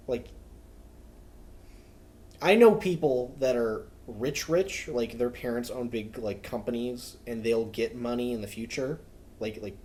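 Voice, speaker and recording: A young man co-hosting a podcast, telling rambling stories in casual chat, heavy on fillers like "like". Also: mid-range voice. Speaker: podcast co-host.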